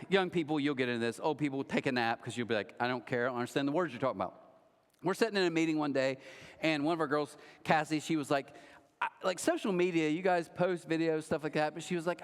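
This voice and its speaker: A man's voice: on the high side, long reverb tail. A man preaching a sermon as pastor, telling a story in a joking, self-mocking way. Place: large church auditorium.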